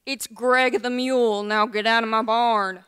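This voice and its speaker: Grumpy lonely talking mule, gruff, bright and clear, voiced by a young woman, tall-tale storytelling. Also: fairly high pitch, fairly even intonation, unhurried, pitched below the performer's own voice. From Tennessee. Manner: gruff, then sulky.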